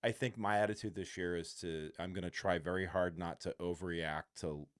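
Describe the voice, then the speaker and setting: A man co-hosting a casual sports podcast, talking as an earnest, animated fan. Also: low-pitched, fairly quick, no echo, clean studio sound. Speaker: podcast co-host.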